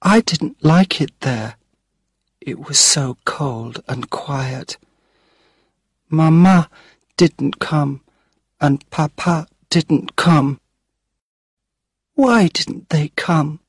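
Storybook casting: a high little ghost girl, put on by a man, plaintive and childlike, soft breathy edge. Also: extremely slow, pauses often, dry recording, clean studio sound, exaggerated voice. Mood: wistful. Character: ghost of a sad little girl longing for her mother.

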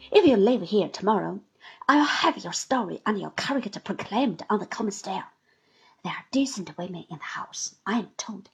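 A woman's voice: medium pitch, husky, heavily acted. A woman voicing a cold, scornful young woman who taunts in a stern voice and drops to menacing whispers, over faint music.

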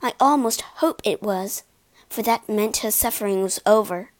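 A woman reading a storybook aloud in a slow, clear way, giving the characters voices. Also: medium pitch. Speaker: storybook reader. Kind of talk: storybook narration for learners.

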